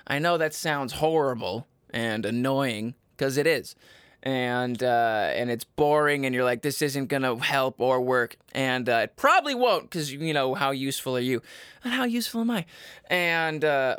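A man hosting a comedic podcast, giving mock-motivational advice in a profane, ranting way that jumps into sudden squeaky jabs. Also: a bit bright, no echo. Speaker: podcast host.

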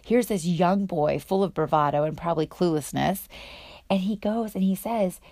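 A woman leads a casual devotional for other women, enthusiastic and full of chatty fillers. Her voice is mellow and a little low. The sound is dry and close. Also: moderate pace, dry recording. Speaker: women's Bible teacher.

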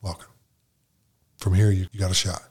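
A man's voice: low-pitched, level tone, moderate pace, breathy edge. A man doing a blunt, reassuring sponsor. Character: calm, blunt female sponsor.

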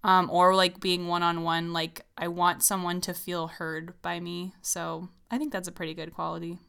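A young woman with a slightly low voice in relaxed chat with her sister. She teases lightly and speaks in easygoing, filler-heavy phrases. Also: normal speed, gravelly, clean tone. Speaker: co-host chatting with her sister. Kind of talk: casual chat.

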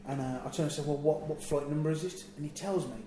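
A man telling a long travel anecdote in a relaxed chat, acting out what people said. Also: fairly high pitch, fast talker. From England. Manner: animated storyteller, acts out quotes. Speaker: wrestler telling a road story. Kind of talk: casual anecdote. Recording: echoey room, faint ambient noise.

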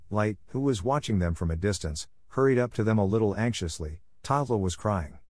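A man reading a classic children's story aloud as narrator, in a measured, even storytelling manner. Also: fairly low pitch, no echo, clean studio sound. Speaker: audiobook narrator. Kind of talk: storybook reading for English listening practice.

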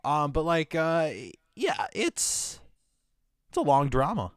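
A man's voice: a little high, sing-song, slow pace, clean tone, no echo. A man hosting a podcast, talking in an easy, chatty way that turns blunt and profane when he rants. His voice is recorded dry and close, with no room sound. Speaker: podcast host. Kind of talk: casual chat.

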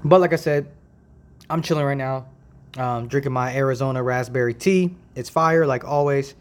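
A man from Ohio hosting a casual faith podcast, talking in a rambling, relaxed way full of slang, recorded on a decent mic in a makeshift home setup. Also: medium pitch, normal speed. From Ohio, USA. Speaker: podcast host.

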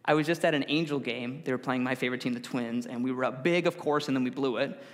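A man's voice: mid-range voice, quick pace. A man preaching a casual, conversational sermon to a congregation, often correcting himself and acting out what people said. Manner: conversational with self-corrections and acted-out quotes. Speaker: pastor. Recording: long hall reverb.

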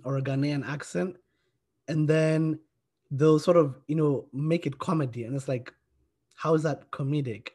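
Earnest man with a higher voice. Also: a little mellow. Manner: earnest, conversational, lots of fillers. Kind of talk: casual discussion.

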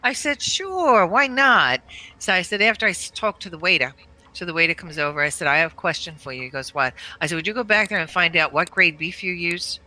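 A woman's voice: fairly low pitch, fast, bright, forceful tone, low-quality recording. A middle-aged woman telling a funny family story in casual chat, laughing often. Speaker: guest storyteller, mother.

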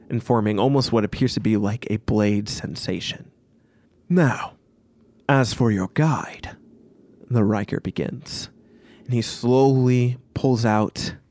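A man running a tabletop game as game master, narrating scenes in a slow, measured way. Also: on the low side, vocal fry, warm tone, no echo.

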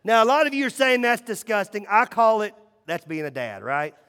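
A middle-aged man preaching a sermon, telling stories and swinging between loud and hushed lines. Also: high voice, big pitch swings, normal speed, smooth. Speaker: pastor. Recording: echoey hall reverb.

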